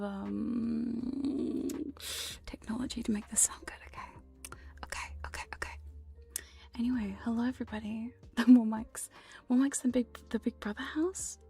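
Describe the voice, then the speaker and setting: A woman's voice: a little high, creaky, dark tone. A woman streamer in a whispered ASMR stream chat, teasing and playful and swearing casually, recorded close on a binaural dummy-head microphone. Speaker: VTuber streamer.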